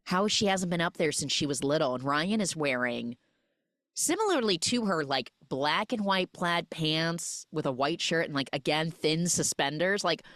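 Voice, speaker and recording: Woman podcast host, young adult, sarcastic recapper, low-ish voice, dry close mic. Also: no room sound. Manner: animated, sarcastic, fast storytelling with quoted voices. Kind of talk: casual film recap chat.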